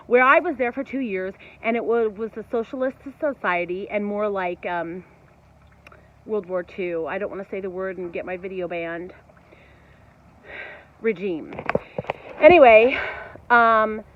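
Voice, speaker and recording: Woman, indignant casual vlog storytelling, mid pitch, dull lo-fi sound. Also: lively intonation. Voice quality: fiery, indignant, talks in quick bursts. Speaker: channel host. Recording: dull lo-fi audio.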